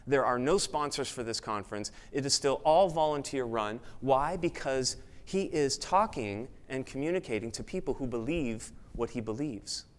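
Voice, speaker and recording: A man speaks from a conference stage in an earnest, emphatic keynote style. His voice sits at an ordinary pitch for a man, and his delivery is built to inspire the audience in the room. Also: lively intonation, moderate pace, hardly any pauses. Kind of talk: motivational keynote talk.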